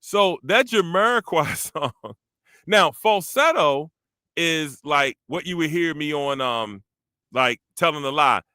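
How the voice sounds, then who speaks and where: A man hosting a casual chat, animated, breaking into sung demonstrations of vocal ranges. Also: on the high side, slow pace, no room sound, studio quality. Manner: animated, breaks into singing demos. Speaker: podcast host and parody songwriter.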